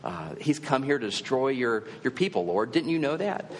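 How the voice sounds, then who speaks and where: A man's voice: mid-range voice, lively intonation, normal speed, in a large hall, a little hiss or hum, pitched above the performer's own voice, lightly acted. A man playing a panicked, disbelieving believer. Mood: incredulous. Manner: pleading, half-laughing disbelief. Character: fearful, incredulous male believer protesting to God.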